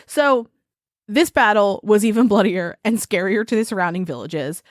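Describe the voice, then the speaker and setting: Podcast host, woman, animated and foul-mouthed storyteller, bright and lively pitch, dry mic. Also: moderate pace, dry recording. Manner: animated, profane, giggly retelling. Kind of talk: casual storytelling chat.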